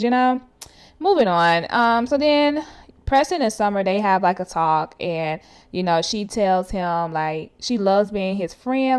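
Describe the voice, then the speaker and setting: A woman giving a casual recap of a reality show episode, talking straight to viewers in a chatty, animated way full of fillers. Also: mid-range voice, clean tone. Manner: speaks straight to viewers as "y'all".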